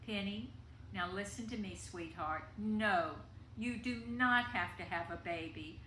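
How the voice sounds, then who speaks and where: A woman voicing a gentle mother who comforts her sick young daughter. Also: mid-range voice, a little slow. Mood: soothing. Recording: echoey room with faint noise.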